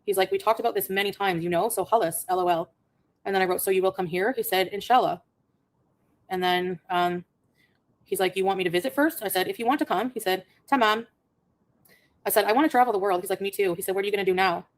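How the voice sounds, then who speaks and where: Fast-talking exasperated woman vlogger. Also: medium pitch. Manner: rapid, exasperated, reads messages aloud. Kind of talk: casual storytelling vlog.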